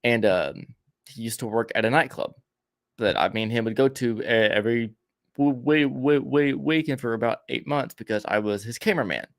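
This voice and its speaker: A man's voice: mid-range voice, moderate pace, no room sound, clean studio sound. A young man hosting a casual podcast, rambling and stammering through a long story, repeating words as he goes. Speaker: podcast host.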